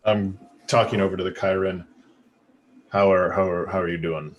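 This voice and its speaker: A man plays a tabletop role-playing game, speaking in a hesitant, measured way. His voice is very deep, with a faint hiss behind it. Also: steady tone, lo-fi sound. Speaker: player.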